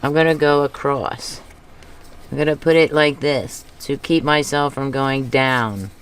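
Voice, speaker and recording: A woman hosting a craft video, chatting casually as she paints, thinking aloud and talking to herself with soft chuckles. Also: rumbling low, steady tone, measured pace, smooth. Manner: soft chuckles between remarks.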